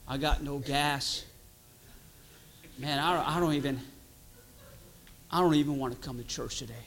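A preacher voicing a weary, broke churchgoer who talks in a low, defeated mumble. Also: male voice, measured pace, fairly bright tone. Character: weary broke churchgoer, middle-aged man, downcast.

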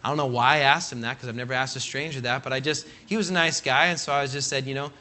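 An assistant pastor from California preaches a conversational, story-filled sermon in a fast, medium-pitched voice. Animated, he acts out quoted voices and calls "Amen?" out to the congregation.

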